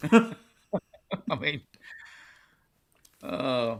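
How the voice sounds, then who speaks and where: A man's voice: medium pitch, sing-song, extremely slow, gravelly. A man who played the game, now an analyst on a postgame show, ranting in fiery, profane, coach-style commands. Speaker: former player turned analyst.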